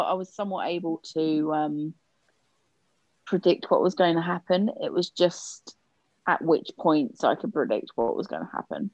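A woman co-hosting a film podcast, her voice low and unhurried. She rambles and hesitates, restarting her thoughts and swearing offhandedly. The sound is dry and a little dull. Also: darkish tone, no echo. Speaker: podcast co-host. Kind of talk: casual film review chat.

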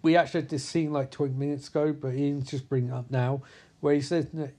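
A man giving a profane, sarcastic comedic recap of a film, slipping into quick quoted voices for its characters. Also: mid-range voice, little pitch movement, mellow.

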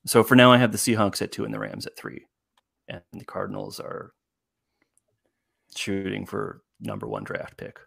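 A man's voice: fairly low pitch, wildly swooping pitch, moderate pace, gravelly, long pauses, a bit bright, dry recording, studio quality. A man on a casual sports talk panel, speaking hesitantly with repeated words and many ums. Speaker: co-host panelist.

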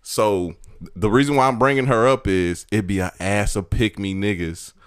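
A man co-hosting a casual podcast chat, an animated storyteller full of slang. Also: fairly low pitch, normal speed, smooth, no echo, clean studio sound. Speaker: podcast co-host.

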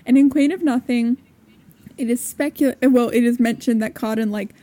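A woman's voice: fairly high pitch, normal speed, mellow. A young woman casually chatting about a book series as a podcast co-host, laughing often and acting out quotes.

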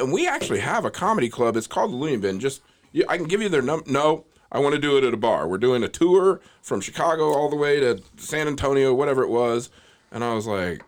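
A man's voice: medium pitch, fast. A man hosting a casual chat, telling stories with plenty of swearing. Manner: swearing, animated storytelling.

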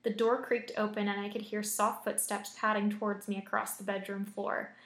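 A young woman reads scary stories aloud for her channel and breaks off between stories into chatty, filler-heavy reactions. Her voice sits at a middle pitch, and a roomy echo surrounds it. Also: level tone, normal speed. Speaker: story reader and host.

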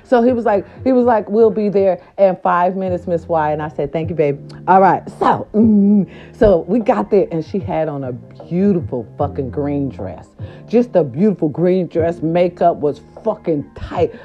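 Middle-aged woman, profane casual storyteller, lively swooping pitch, mellow tone, slightly dull recording with faint music. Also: moderate pace. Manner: profane, animated, repeats filler words. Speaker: vlogger.

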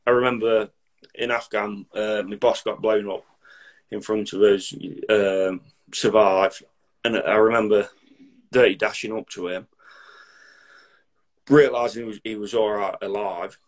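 A man, a military veteran talking casually and bluntly, swearing freely with dark humour. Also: lowish voice, level tone, measured pace, pauses often. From Derby, England. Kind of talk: casual podcast chat.

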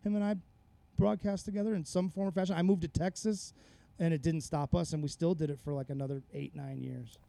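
A man's voice: a little high, fairly even intonation, a little fast, vocal fry, warm tone. A man, a podcast guest, telling rambling, profane stories in a casual chat on a close mic. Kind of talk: casual conversational storytelling.

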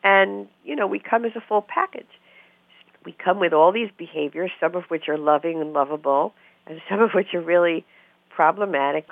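A middle-aged therapist, appearing as a guest in a conversational interview, explains relationships in a low, creaky voice that runs a little fast. She's an animated storyteller who acts out the voices of the people she quotes, and the recording is dry with a narrow, phone-like sound.

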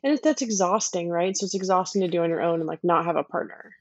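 Casual chat host: woman, low pitch, emphatic and chatty, dry muffled sound. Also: a little mellow, no room sound. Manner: chatty, emphatic, quick asides. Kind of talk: casual conversation.

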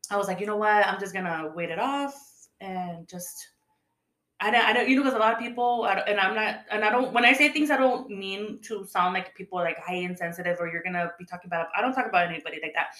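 A woman's voice: mid-range voice, quick pace, fairly bright tone. A woman in casual podcast chat, telling stories in a chatty way and acting out the voices of people she quotes. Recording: echoey room.

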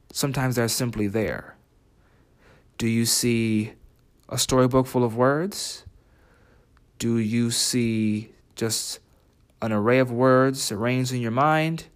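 Man teaching a writing lesson. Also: medium pitch. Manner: reflective, asks listeners questions, reads lyric quotes slowly. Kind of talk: spoken lesson comparing translations.

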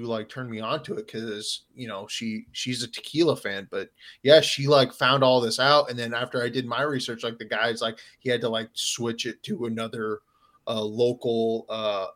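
A man's voice: medium pitch, steady tone, moderate pace, a bit bright. A man co-hosting a podcast in casual chat, rambling and profane, with many filler words. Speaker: podcast co-host.

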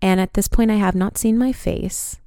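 Smooth-voiced woman telling a story. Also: mid-range voice, moderate pace, dry recording, studio quality. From United States. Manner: animated, frequent swearing. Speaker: podcast host. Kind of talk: casual storytelling.

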